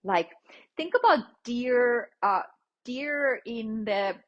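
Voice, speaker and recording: A woman hosting a parenting podcast, explaining child-rearing principles in a gentle, teacherly way, often checking in with "okay?". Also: a little high, animated, takes it slowly, highs cut off. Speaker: parenting podcast host, licensed clinical social worker. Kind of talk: instructive podcast talk.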